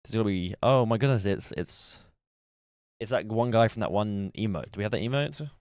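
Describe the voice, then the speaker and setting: Low-voiced man musing through a livestream. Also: fairly quick, a little mellow, clean tone, dry recording, studio quality. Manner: musing aloud while playing a guessing game. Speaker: streamer. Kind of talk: casual livestream chat.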